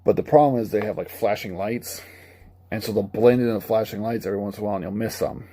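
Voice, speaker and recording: A man's voice: lowish voice, fast talker, mellow, dry recording. A man giving a casual, rambling, candid spoken review of a video game. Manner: rambling, candid, laughs at his own retellings.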